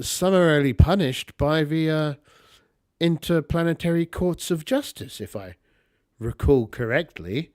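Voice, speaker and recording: A man voicing a sardonic male company director in a tabletop game, speaking with mock-polite irony and slow, dry delivery. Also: fairly high pitch, a little mellow, clean tone, no room sound. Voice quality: mannered, ironic phrasing.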